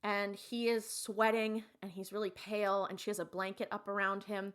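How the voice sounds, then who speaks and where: A woman's voice: mid-range voice, normal speed, clear, resonant tone. A young woman co-hosting a podcast, casually retelling an episode scene by scene and acting out the characters' lines. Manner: animated retelling with acted-out quotes. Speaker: podcast co-host.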